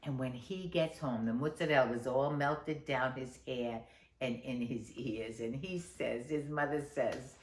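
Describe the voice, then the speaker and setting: A woman's voice: very deep voice, measured pace. A woman storyteller telling a folk tale to a library audience, with chatty asides to the listeners. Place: library event space. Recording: roomy echo.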